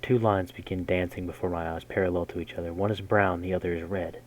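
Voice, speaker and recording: A man reading a game's story text aloud in a measured way, breaking in with casual, slangy jokes as a gaming host. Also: sits low, steady tone, slight background noise, low-quality recording. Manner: measured narration broken by casual slangy comments. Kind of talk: reading game text aloud with jokey asides.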